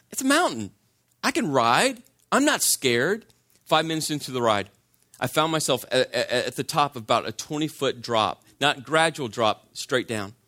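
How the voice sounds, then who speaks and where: A man's voice: fairly high pitch, pushed and bright. Man preaching a storytelling sermon. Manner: conversational, repeats phrases for emphasis.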